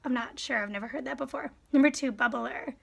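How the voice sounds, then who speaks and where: A young woman with a Wisconsin accent reads quiz questions and word lists in a casual, chatty way. Her voice sits high, and she often stops to wonder aloud whether she says a word right. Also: brisk, gravelly, fairly bright tone, slightly rough. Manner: reads a word list, musing aloud and second-guessing her pronunciations. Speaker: vlogger. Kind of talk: casual accent tag reading.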